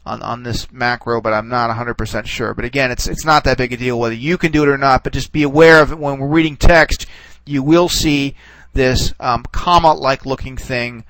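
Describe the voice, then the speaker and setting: A man teaching a recorded lesson, relaxed and reassuring, who stops and restarts often and checks in with "okay.". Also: medium pitch, no room sound, low-quality recording. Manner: halting, full of restarts and "okay"s. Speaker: Greek teacher. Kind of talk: recorded classroom lecture.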